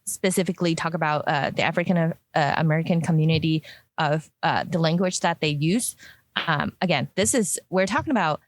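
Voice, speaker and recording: Talking a little fast, a woman with a deep voice rambles chattily through a discussion, restarting often and using plenty of fillers. She works as a product designer, and the audio has no room sound.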